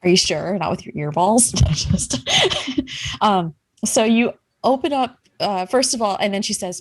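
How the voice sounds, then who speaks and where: A woman's voice: mid-range voice, a little slow. A woman running a tabletop game, narrating in a giggly, rambling way. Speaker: game master.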